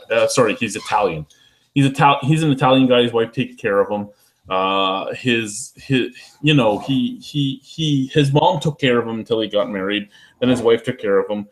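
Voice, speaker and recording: A man's voice: medium pitch, a little hiss or hum, rough recording. A man hosting a beer review show, telling rambling, profane stories in casual chat while a little tipsy.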